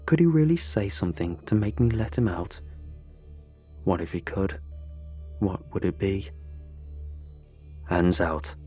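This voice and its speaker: Husky-voiced man narrating a horror story. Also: on the low side, big pitch swings, normal speed, long pauses, dark tone, soft background music. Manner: tense, confessional storytelling.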